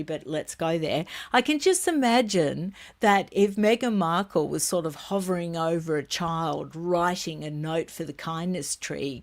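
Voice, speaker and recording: Gossipy middle-aged woman vlogger. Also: lowish voice. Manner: gossipy, expressive, laughs often. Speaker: royal commentary vlogger. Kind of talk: casual chatty commentary.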